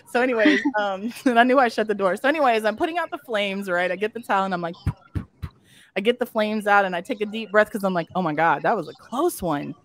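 A woman's voice: medium pitch, fast, no room sound. A woman telling a story in casual chat, acting out quotes and swearing freely. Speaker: fashion show model telling a story. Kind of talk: casual chat, live stream.

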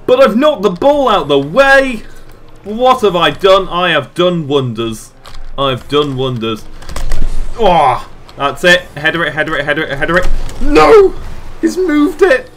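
A man commenting on his own match as a gaming channel host, excitable and self-mocking, often shouting and groaning at the game. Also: fairly high pitch, unhurried, slight background noise. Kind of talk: let's play commentary.

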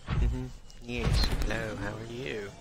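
A man's voice: medium pitch, fairly even intonation, takes it slowly. A man giving casual gameplay commentary, swearing freely and chatting fondly to his cat between moves. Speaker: gaming video creator. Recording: loud background noise.

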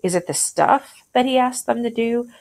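A woman's voice: a little high, moderate pace, vocal fry, a little mellow. A woman teacher walking through a short story in a conversational way, thinking aloud and asking questions as she annotates.

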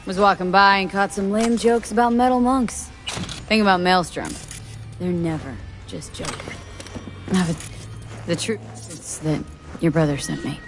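Woman voicing a dry blunt merc lady, kinda low voice, music behind. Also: moderate pace, pauses often, lightly acted. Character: dry, blunt young female mercenary.

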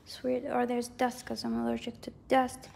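A woman's voice: fairly high pitch, completely flat delivery, moderate pace, gravelly, darkish tone. A woman giving a casual psychic tarot reading, rambling and hedging as she repeats herself. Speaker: tarot reader.

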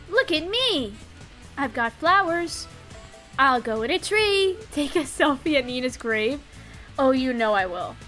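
A young woman streaming a farming game, giggling and chatting playfully, putting on quick voices for the characters. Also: high voice, a bit bright. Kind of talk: live gameplay commentary. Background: faint game music.

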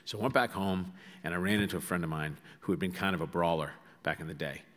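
Speaking fast in a low, fairly bright voice, a middle-aged man with a Boston accent gives a storytelling talk to an auditorium audience. The author's wry anecdotes come with asides, and long hall reverb follows his words through the large space.

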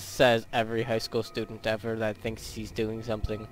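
A man's voice: lowish voice, completely flat delivery, normal speed. A teenage boy giving rambling, goofy commentary over a game he is playing, with silly sound effects. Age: teens. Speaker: gaming YouTuber. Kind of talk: casual gameplay commentary.

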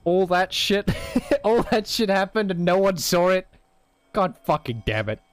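A man's voice: high voice, big pitch swings, unhurried, no room sound. A man, casually commenting on his gameplay, swearing often and laughing a lot. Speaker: gaming streamer.

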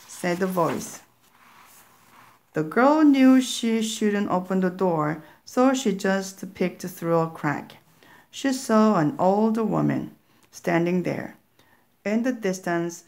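A woman narrating a children's story slowly and clearly, as a reading for learners. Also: on the low side, expressive, a little mellow. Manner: slow, clear, deliberate.

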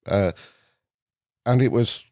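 A middle-aged podcast guest from England speaks slowly in a medium-pitched voice with a North Staffordshire accent. He chats casually, telling stories animatedly and laughing often, recorded in studio quality without echo.

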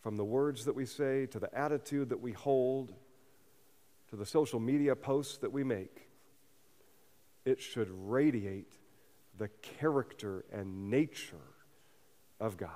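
A man's voice: mid-range voice, measured pace, pauses often, dark tone. A man preaching a sermon as a pastor, earnest and building to fervent emphasis. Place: church sanctuary. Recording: long reverb of a church hall.

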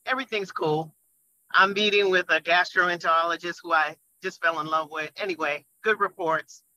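A woman with a bright, ringing voice tells an emotional church testimony over a remote call. She speaks from a car on the highway, animated and laughing often as the story spills out. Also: moderate pace, a little hiss or hum, low-quality recording. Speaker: church member giving a testimony.

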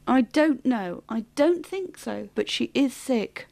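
Gentle old wanderer bear, as a woman voices him. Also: on the high side, animated, takes it slowly, creaky, no echo, exaggerated voice. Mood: grave.

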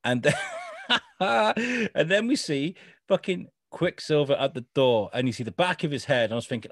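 A man's voice: a little high, normal speed, no room sound. Man co-host, casual, swears freely, dry close sound. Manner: swearing, animated retelling with quoted voices. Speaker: podcast co-host. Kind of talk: casual chat.

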